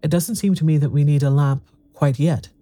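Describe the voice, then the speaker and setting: A frightened sister pleads weakly, as a man reads her lines. The voice is dark and mellow. It is a storybook reading. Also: a little high, moderate pace, no room sound, natural voice. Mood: pleading. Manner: weak, pleading.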